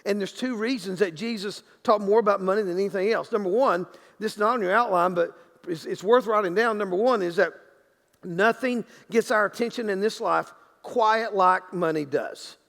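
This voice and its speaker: A man's voice: high-pitched, normal speed, gravelly, a bit bright, big-room sound. A man preaching a sermon as pastor in a church sanctuary, talking in a loose, conversational way with many restarts and acted-out quotes.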